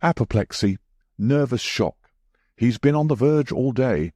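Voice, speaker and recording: A man voicing a careworn young gentleman who speaks urgently and with anguish. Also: mid-range voice, animated, a little slow, dry recording, studio quality, pitched above the performer's own voice. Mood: distraught.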